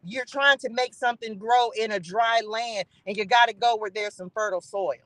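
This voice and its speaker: A woman's voice: on the high side, normal speed, fairly bright tone, no room sound, poor audio. Preachy woman giving a spiritual message. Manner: preachy, calls out to the Spirit, repeats phrases for emphasis. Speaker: spiritual reader and channel host.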